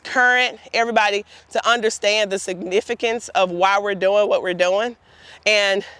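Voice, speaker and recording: A woman's voice: on the high side, fairly bright tone, dry recording. Woman tour guide, outdoors, earnest and heartfelt, talks straight to the group. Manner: earnest, heartfelt storytelling addressing the group directly. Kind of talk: guided tour talk to volunteers. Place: outdoors in a cemetery.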